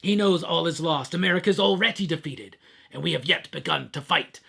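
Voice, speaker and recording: A man's voice: a little high, brisk, creaky, a bit bright, husky, full character voice. A man voicing a sneering villain in a put-on British accent, reading menacing lines theatrically.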